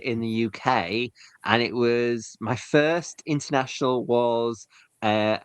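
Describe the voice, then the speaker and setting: A man's voice: lowish voice, smooth, no echo. Chatty Yorkshire man on a dry mic. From Hull, England. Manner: chatty, self-deprecating storyteller. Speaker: guest, scouting media creator. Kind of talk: casual podcast chat.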